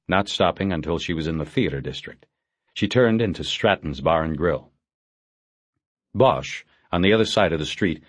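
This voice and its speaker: A man reading a novel aloud in a steady, measured way. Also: low voice, no room sound. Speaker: audiobook narrator. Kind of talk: scripted narration.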